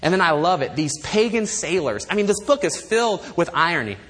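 A man preaching a sermon in a church, emphatic and animated, with wry asides. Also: high voice, a little fast. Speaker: pastor. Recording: long reverb of a large hall.

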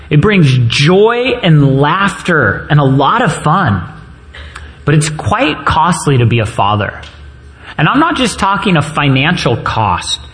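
A man's voice: fairly high pitch, slight background noise. A man preaching a sermon to fathers, earnest and personal, weaving in stories from his own childhood. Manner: earnest storytelling, personal anecdotes.

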